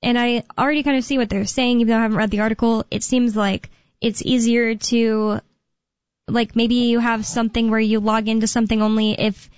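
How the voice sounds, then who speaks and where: A young woman hosting talk radio in a rambling, casual way, pausing on fillers as she thinks aloud. Her voice sits a little high and sounds close and dry, yet somewhat muffled and dull. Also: flat delivery, darkish tone, smooth, no echo.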